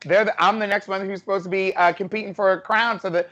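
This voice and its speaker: A woman's voice: medium pitch, fairly even intonation, fast talker, fairly bright tone, muffled recording. A woman hosting a casual chat over a video call, chatty and sassy, laughing often. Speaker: host.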